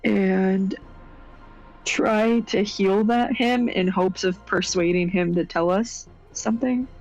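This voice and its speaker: A woman's voice: mid-range voice, takes it slowly, a little mellow, highs cut off, faint music behind. A woman playing in a tabletop game, laying out her plan step by step. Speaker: player.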